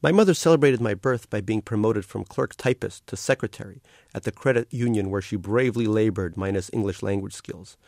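Author reading his fiction: wry, deadpan male narrator, very dry close sound. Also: on the low side, a little fast, vocal fry, no room sound. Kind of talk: literary reading.

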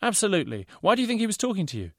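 A man voicing a fussy male fashion designer who talks in rapid, pompous salesman's patter. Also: high voice, wildly swooping pitch, no echo, clean studio sound, voice pushed up, full character voice. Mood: urgent warning.

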